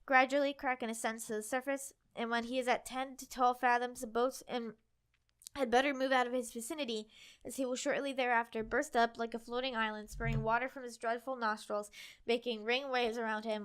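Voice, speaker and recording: A woman's voice: a little high, fairly even intonation, fairly quick, fairly bright tone, clear, resonant tone. A young woman co-hosting a casual chat, reading passages aloud and insisting on getting through them. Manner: chatty, lots of "like", insistent when reading. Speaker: co-host.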